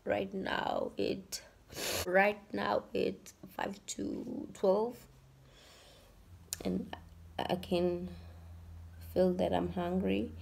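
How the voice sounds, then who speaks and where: A young woman vlogging from her bedroom, tired and emotional, talking softly and sometimes dropping to a whisper. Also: medium pitch, little pitch movement, extremely slow, creaky, long pauses, slightly rough. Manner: tired, emotional, soft-spoken, drifting to a whisper. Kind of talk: casual vlog talk to camera. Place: bedroom at home.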